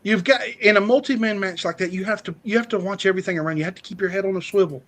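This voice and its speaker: High-voiced man taunting like a wrestler. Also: racing, fairly bright tone. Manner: boastful, taunting, stumbles over words when fired up. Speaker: league champion cutting a promo on a stream show. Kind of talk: trash-talking wrestling-style promo.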